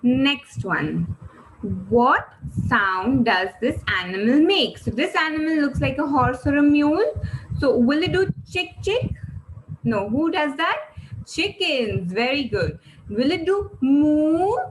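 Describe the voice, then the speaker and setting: Animated high-voiced woman teaching kids. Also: a little hiss or hum, rough recording. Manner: animated, sing-song questions to children. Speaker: online class teacher. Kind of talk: teaching a kids' class.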